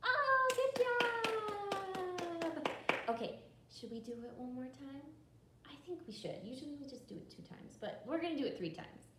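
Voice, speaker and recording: A young woman librarian leading a children's storytime, talking slowly and encouragingly to kids at home. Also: high voice, animated, noisy background. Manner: slow, bright and encouraging, talks to children at home. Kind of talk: children's storytime with action songs. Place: library room. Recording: roomy echo from a distant camera.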